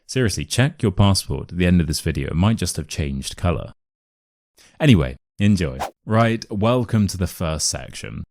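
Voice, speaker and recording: A man with a modern RP English accent giving a scripted pronunciation lesson, enunciating each word clearly and deliberately. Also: low voice, lively intonation, a little mellow, no echo. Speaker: accent teacher.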